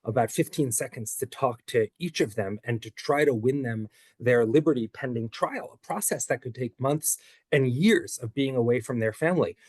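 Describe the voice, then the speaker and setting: A man in his forties, an author and former public defender, giving earnest, measured interview answers. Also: medium pitch, a little mellow, no echo.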